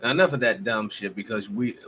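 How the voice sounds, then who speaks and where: Fiery, bright-voiced man preaching on a stream. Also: fairly low pitch, a little fast, a little hiss or hum. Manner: fiery, profane, preacher-like exhortation. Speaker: live stream host. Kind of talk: impassioned live-stream monologue.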